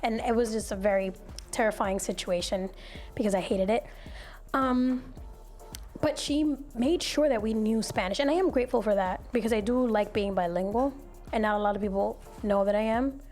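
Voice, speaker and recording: A young adult woman hosting a podcast, telling stories in a casual, animated way and acting out other people's voices. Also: medium pitch, normal speed, soft background music. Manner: animated storyteller who acts out voices. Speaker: podcast host.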